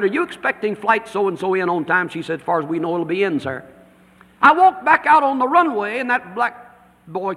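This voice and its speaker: A man preaching a sermon, telling a story and then swinging between loud declarations and hushed, near-whispered lines. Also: high voice, in a large hall.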